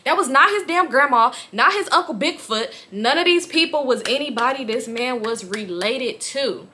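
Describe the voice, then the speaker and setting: A young woman from the Los Angeles area telling a story to her viewers, animated, slangy and profane, speaking straight to them. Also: high voice, normal speed. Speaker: storytime vlogger.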